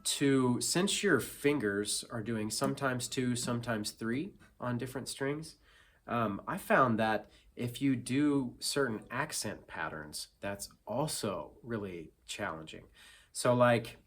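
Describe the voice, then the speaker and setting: A man teaching acoustic guitar in a relaxed, self-deprecating way, counting beats aloud and filling pauses with ums. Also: medium pitch. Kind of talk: casual instructional talk. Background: acoustic guitar playing.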